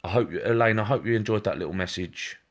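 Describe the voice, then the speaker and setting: A man's voice: lowish voice, fast talker. A man working as a medium, giving a live-stream psychic reading, repetitive and reassuring, addressing viewers by name.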